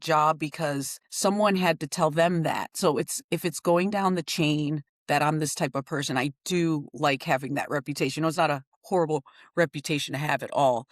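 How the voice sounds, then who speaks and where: A middle-aged woman talks through everyday stories in relaxed podcast chat, her voice jumping up with animation and quick laughs. She sits at a middling pitch, slightly on the lower side. The sound is close and dry, with no room around it. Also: no echo. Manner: animated storytelling, laughing often. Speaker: podcast co-host. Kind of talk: casual conversation.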